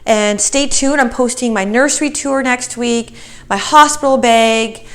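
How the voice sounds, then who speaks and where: A woman's voice: fairly high pitch, measured pace, fairly bright tone. A pregnant woman in her thirties giving a casual vlog update, chatty and slightly out of breath, with many fillers and restarts. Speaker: vlogger.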